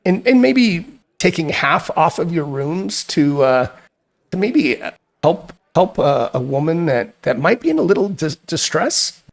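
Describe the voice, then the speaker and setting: A man's voice: on the high side, big pitch swings, unhurried, creaky, voice pushed up, exaggerated voice. A man voicing a fussy middle-aged woman innkeeper who stammers and frets. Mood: wheedling. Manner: hesitant, stammering, fretful.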